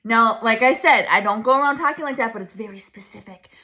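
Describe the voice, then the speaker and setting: Bright-voiced woman in her 30s, chatty coaching to camera, animated and laughy. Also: on the high side, quick pace. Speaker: branding coach. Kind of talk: casual coaching talk to camera.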